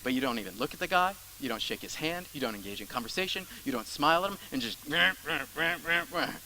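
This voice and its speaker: A young adult man preaching a sermon as pastor, emphatic, repeating phrases and dropping into soft asides. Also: medium pitch, lively intonation, racing, a little hiss or hum, low-quality recording.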